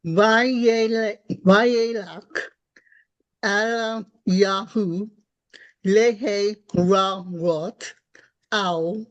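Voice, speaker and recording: A student reading aloud in a language class, sounding out each word with long gaps. The pace is very slow and careful. The audio comes through dull and lo-fi over a call. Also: mid-range voice, fairly even intonation. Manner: halting, sounding out words. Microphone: video call.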